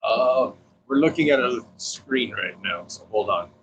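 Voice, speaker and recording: A man's voice: medium pitch, lively intonation, fairly bright tone, lo-fi sound, slight background noise. A man co-hosting a casual livestream, joking and teasing. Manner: joking, teasing, slow drawl.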